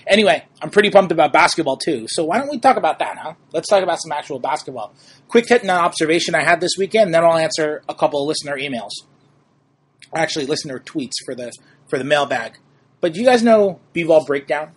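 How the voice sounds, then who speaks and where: A man's voice: fairly high pitch, expressive, fast, husky. A young man from New York hosting a casual sports podcast, chatty and upbeat with self-deprecating asides. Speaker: podcast host.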